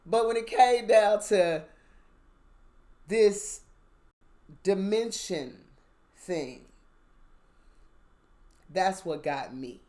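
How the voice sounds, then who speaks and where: A woman, a mother, telling a casual, animated story about her spiritual experiences and checking in with the listener. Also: medium pitch, drawn-out words, pauses often. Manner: animated, conversational, asks listener "you understand?". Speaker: spiritual vlogger.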